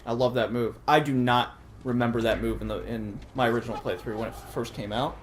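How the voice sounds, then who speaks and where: A man with a mid-pitched voice co-hosts a casual game playthrough. He teases his partner and jokes around, with a faint hum of noise behind him. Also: fairly even intonation, brisk. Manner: teasing, joking, laughs often. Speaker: co-host. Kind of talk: casual let's-play commentary.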